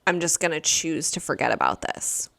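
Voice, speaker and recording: A young woman hosting a podcast, telling a story in a rambling, animated way, full of "like" fillers and swearing, acting out what people said. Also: low voice, normal speed, gravelly. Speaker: podcast host. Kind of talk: casual storytelling monologue.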